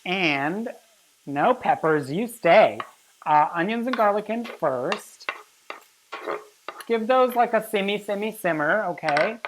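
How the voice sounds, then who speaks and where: A woman's voice: fairly low pitch, slight background noise. A woman hosting a casual cooking demonstration. She is brash, swears freely and teases her viewers with insults. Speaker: cooking show host.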